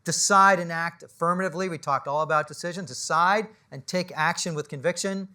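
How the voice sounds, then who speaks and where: An animated male business coach holds forth at a live panel event, his voice bright and sitting a touch high. He speaks in short, punchy bursts full of rhetorical questions. He keeps checking in with the room with a quick "right?". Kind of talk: motivational talk to a live audience. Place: indoor event space with an audience.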